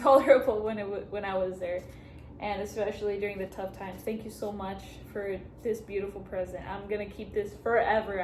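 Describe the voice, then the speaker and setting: A woman's voice: mid-range voice, a little mellow. A young woman chatting emotionally in a casual vlog, gushing as she reads a card aloud. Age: young adult. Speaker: vlogger. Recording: echoey room, faint background noise.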